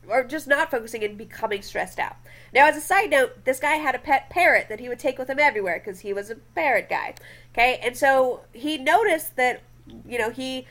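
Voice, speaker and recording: A woman's voice: high voice, a bit bright. A young adult woman giving a casual classroom lecture from slides, chatty and often checking in with her listeners.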